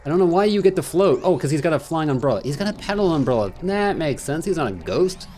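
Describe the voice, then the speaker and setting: A man casually commentating his video game playthrough, excitable and jokey, rambling with panicky outbursts. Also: on the high side, fast, a little hiss or hum. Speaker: gaming channel host. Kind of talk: casual let's-play commentary.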